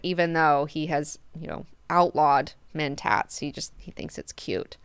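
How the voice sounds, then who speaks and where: Woman, book club host, casual and profane, smooth clear voice, dry close sound. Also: sits low, unhurried, few pauses, no echo. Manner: profane, animated, paraphrases characters in slang.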